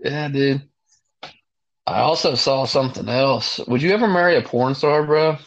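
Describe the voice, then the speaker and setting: A man's voice: mid-range voice, normal speed. Laid-back young man, slightly muffled. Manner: laid-back, crude, frequent "dude". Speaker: podcast co-host. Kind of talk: casual chat. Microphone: remote call line. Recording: slightly dull lo-fi audio.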